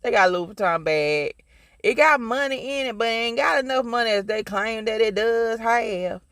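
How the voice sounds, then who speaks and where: A man's voice: very high voice, moderate pace, fairly bright tone, no echo, studio quality. A man from Mississippi with a Southern accent, giving a rambling, profane, emphatic TV review in casual chat. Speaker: TV show reviewer.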